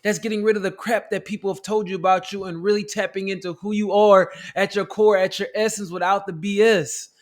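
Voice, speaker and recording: High-voiced man giving a fervent motivational talk. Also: little pitch movement, a little fast, hardly any pauses. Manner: preachy, repeats "family" and "look", builds to shouting climaxes. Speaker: motivational teacher.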